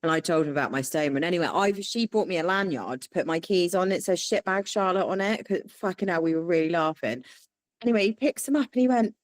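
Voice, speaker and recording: Woman, lively sing-song delivery, salty storyteller, dry mic. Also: mid-range voice, fast, no echo. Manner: swears freely, laughs while telling stories. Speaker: guest. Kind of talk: candid storytelling interview.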